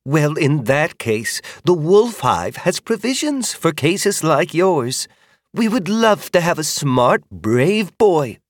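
A man voicing Magda, a kindly middle-aged woman who speaks softly and in measured phrases, in an audiobook. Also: a little high, very animated, dry recording, studio quality, voice pushed up. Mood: gentle. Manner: soft, motherly, measured. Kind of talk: audiobook character voice.

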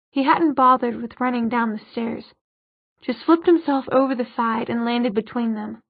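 A woman narrating a novel as an audiobook, reading in a steady, even storytelling manner. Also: fairly high pitch, no room sound. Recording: dull lo-fi audiobook recording.

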